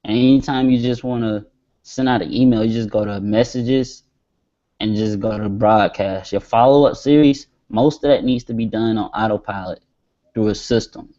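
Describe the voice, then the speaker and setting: A man leads a screen-share marketing lesson in an easygoing, conversational way, drawing out phrases as he types them. His voice sits a little low and sounds dark and mellow. The webinar audio is dull and lo-fi. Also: steady tone, normal speed. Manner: casual, talks while typing, stretches words as he dictates.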